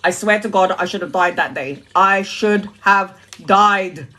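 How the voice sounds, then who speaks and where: A woman's voice: medium pitch, measured pace. Woman telling a wild story, swearing freely. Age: adult mother. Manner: animated, profane, laughing storyteller. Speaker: tarot reader and livestream host. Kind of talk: casual storytelling on a live stream.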